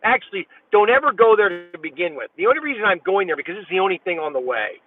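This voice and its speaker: A man's voice: sits high, animated, fast, distant mic. A man vlogging while driving, chatting casually and rambling in a folksy way from inside his car. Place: inside a car at a drive-thru. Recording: tinny, phone-like sound.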